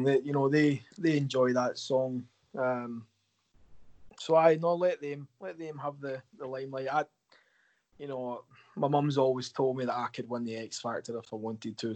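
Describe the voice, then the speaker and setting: A man's voice: medium pitch, darkish tone. A man guesting on a podcast as a hockey assistant coach, answering fan questions with self-deprecating jokes. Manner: joking, self-deprecating, chatty. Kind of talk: casual podcast interview.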